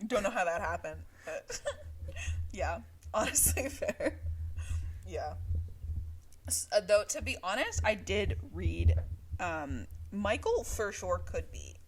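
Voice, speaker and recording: A woman's voice: mid-range voice, big pitch swings, slow, pauses often, slight background noise. A woman co-hosting a book podcast, chatting casually with lots of laughing and fillers. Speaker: podcast co-host.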